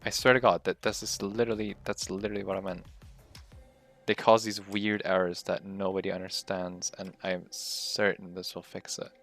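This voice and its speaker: A man's voice: low voice, flat delivery, normal speed, vocal fry, a bit bright, faint music behind. A man streaming live while coding, muttering, swearing and laughing at his own frustration. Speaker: livestreaming game developer.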